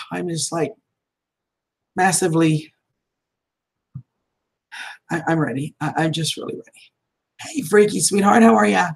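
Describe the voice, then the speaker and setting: A woman in her fifties talks straight to her livestream audience in a relaxed, chatty way. Her voice is husky and a little breathy. She greets viewers by name, calls them honey and sweetheart, and laughs often. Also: lowish voice, low-quality recording. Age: 50s. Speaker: livestream vlogger. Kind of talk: casual livestream chat reading viewer comments.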